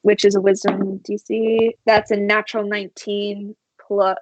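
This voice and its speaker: A woman narrating a tabletop game as game master, unhurried and halting, with many fillers. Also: mid-range voice, level tone, darkish tone, a little hiss or hum, poor audio.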